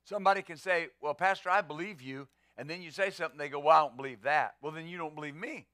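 A man preaches a sermon in a notably high and bright voice, pressing each point with rhetorical questions. The sound is close and dry, with no room around it. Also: fast talker, no room sound. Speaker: pastor.

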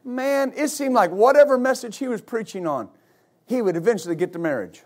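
High-voiced male pastor preaching. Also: lively intonation, a little fast. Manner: storytelling with loud exclamations and laughter. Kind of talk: sermon.

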